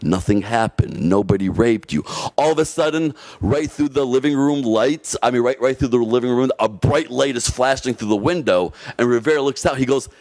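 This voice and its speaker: A man from Detroit, a podcast guest telling a story casually, animated, laughing often and swearing freely. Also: medium pitch, fairly quick, few pauses, dry recording. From Detroit, USA.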